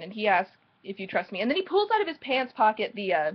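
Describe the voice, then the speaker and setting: A woman's voice: mid-range voice, sing-song, quick pace, highs cut off. A woman recapping book chapters in a casual, rambling way, full of sarcastic and mocking asides. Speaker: book reviewer.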